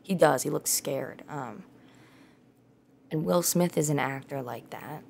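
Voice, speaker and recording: Low gravelly woman rambling on a podcast. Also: a little slow, darkish tone, slight background noise. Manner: rambling, profane, lots of "like" and "dude". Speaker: podcast host. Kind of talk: casual solo podcast monologue.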